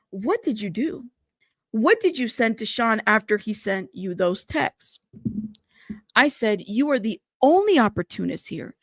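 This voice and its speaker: A woman's voice: on the high side, dry recording, clean studio sound. A woman hosting a news channel, reading court transcripts aloud and breaking off into sassy, chatty asides.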